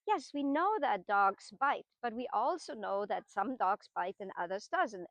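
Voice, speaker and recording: A woman's voice: mid-range voice, no room sound. A middle-aged woman horse trainer who explains patiently and often checks in with tag questions as she teaches. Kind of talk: explanatory teaching talk while working horses.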